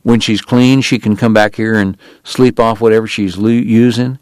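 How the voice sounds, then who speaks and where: A man voicing a quiet, wary older brother who speaks in a flat, reserved way. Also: fairly low pitch, moderate pace, no echo, lightly acted.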